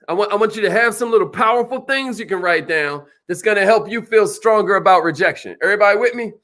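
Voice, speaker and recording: High bright-voiced man coaching a crowd. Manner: animated, preacherly, calls out to the audience. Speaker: sales trainer. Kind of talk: motivational seminar talk.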